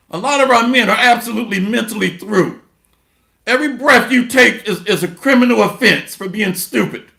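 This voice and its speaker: A man's voice: high voice, normal speed, gravelly, bright, forceful tone, reverberant. A man preaching a sermon and reading scripture aloud, in a blunt, mocking way.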